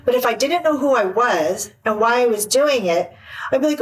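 A woman life coach chatting in an interview, animated and acting out little quoted voices. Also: a little high, moderate pace, far from the mic, poor audio. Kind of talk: casual interview chat.

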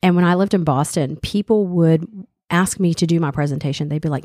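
A middle-aged Southern woman chatting on air with a co-host, her voice sitting on the low side for a woman. She talks in a loose, animated way, full of "you know" and restarts. The sound is close and dry, with no room around it. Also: fairly quick, dry recording. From American South. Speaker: radio co-host. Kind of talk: casual chat.

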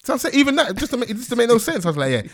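Male podcast host, light lisp, animated and slangy. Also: very high voice, very fast. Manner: slangy, laughing, rambling banter. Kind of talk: casual chat.

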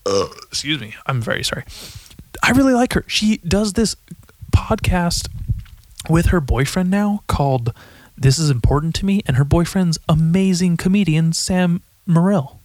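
A man's voice: a little high, animated, normal speed, a little mellow, dry recording. A young man hosting a solo podcast, rambling profanely and correcting himself often. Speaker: podcast host.

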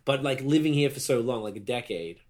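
A man's voice: mid-range voice, animated, a little fast, a little mellow. A man in his thirties from Australia with a mild Australian accent, hosting a casual podcast chat and wandering off on tangents with plenty of swearing. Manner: rambling, swears freely, trails into tangents. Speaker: podcast host.

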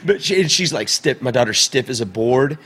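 A man's voice: medium pitch, expressive, a little fast, pushed and bright, breathy edge. A man hosting a podcast retells a family story in a middle-range voice. He speaks animatedly, restarts his sentences and acts out the voices of the people he quotes. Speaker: podcast host. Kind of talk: casual storytelling.

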